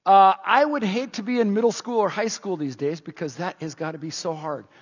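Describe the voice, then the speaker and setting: A middle-aged man preaching a sermon in an animated, emphatic, repetitive way. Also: high voice, fairly quick, breathy edge. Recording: dull reverberant church sound.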